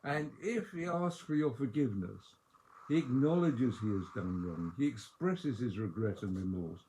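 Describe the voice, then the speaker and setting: Male rabbi, sermon read, measured and emphatic with big dynamic swings, mid-range voice. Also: mid-range voice, animated, warm tone, slight background noise.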